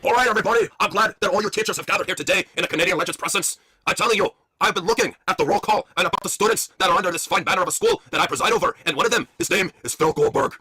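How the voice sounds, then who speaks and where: A man's voice: high voice, expressive, very fast, slightly rough, pitched above the performer's own voice, heavily acted. A man playing a hot-tempered male wrestler turned principal who blusters at his staff. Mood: blustering. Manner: blustering, then shouting in rage.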